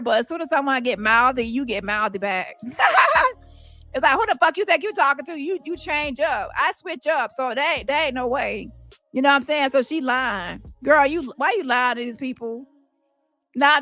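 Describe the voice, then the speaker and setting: A woman's voice: high-pitched, sharp tone. A woman hosting casual commentary, blunt and profane, reading messages aloud and reacting with laughs. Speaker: commentary host.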